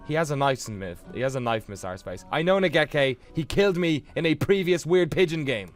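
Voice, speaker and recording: A man's voice: a little high, lively intonation, brisk, few pauses, faint music behind. A man hosting a let's play, joking and swearing as he reads through a dating game. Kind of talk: casual let's play commentary.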